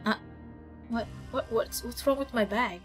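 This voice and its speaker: With soft music in the background, a young woman streams a game and keeps up a loose, giggly running commentary, laughing frequently. She speaks at a measured pace in a voice on the high side.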